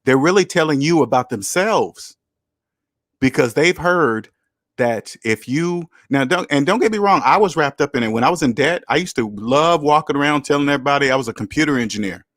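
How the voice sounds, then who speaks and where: Reading viewer comments aloud on his casual livestream, a channel host fires back emphatic rhetorical questions. His voice is a little high, animated, brisk and a bit bright, captured on a camera mic with clean studio sound and no room echo.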